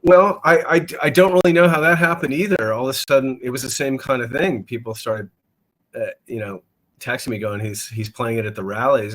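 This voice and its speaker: A man with a fairly low voice talks casually as a guest on a podcast. He pauses and repeats words as he gathers his thoughts. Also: fairly bright tone, rough recording. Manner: halting, repeats words while thinking. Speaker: guest musician. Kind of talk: casual interview chat.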